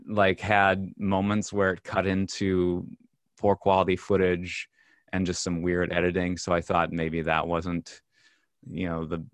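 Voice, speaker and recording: A man co-hosting a casual podcast about movies, talking in a halting way with many fillers and restarts. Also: sits low, fairly bright tone, no room sound, studio quality. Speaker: podcast co-host. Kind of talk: casual film discussion.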